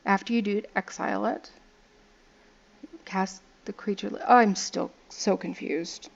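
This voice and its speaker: Young woman, casual gaming commentary, playful and chatty, gravelly voice, dull lo-fi mic. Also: mid-range voice. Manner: chatty and playful, reads card text aloud and jokes about the art. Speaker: gaming video host. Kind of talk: casual commentary while opening card packs.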